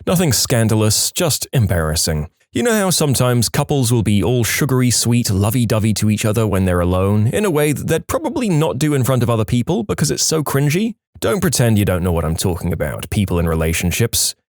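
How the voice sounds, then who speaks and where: A man's voice: mid-range voice, fairly quick, hardly any pauses, dry recording, clean studio sound. A man narrating submitted stories in a scripted storytime reading, acting out the quoted voices. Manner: lively, acts out quoted voices.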